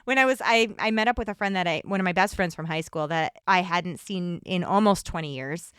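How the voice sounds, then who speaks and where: A woman's voice: fairly low pitch, a little fast, fairly bright tone, clear, resonant tone, no room sound, studio quality. A middle-aged woman co-hosting a podcast in casual chat, enthusiastic and openly emotional. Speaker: podcast co-host.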